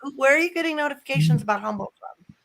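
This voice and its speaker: A woman's voice: high-pitched, expressive, very fast, a loud crowd, rough recording. A woman from the Chicago area co-hosting a live stream panel, chatty, swearing and laughing often. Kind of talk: casual livestream chat.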